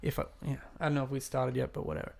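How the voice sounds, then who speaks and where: A man's voice: mid-range voice, very fast, creaky. Profane man telling a story. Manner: profane, rambling, animated. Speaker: podcast co-host. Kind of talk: casual storytelling.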